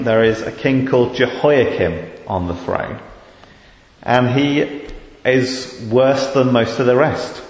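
A British man preaching a sermon, measured and deliberate, rising to fervent emphasis on key words. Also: mid-range voice. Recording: echoey hall with long reverb.

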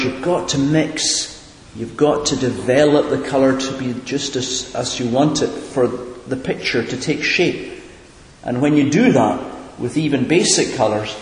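A man preaching in an earnest, questioning way, often repeating a word as he searches for the next. His voice carries through a large hall with a long, reverberant tail. The recording is roomy and distant. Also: mid-range voice. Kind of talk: sermon. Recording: echoey hall, far from the mic.

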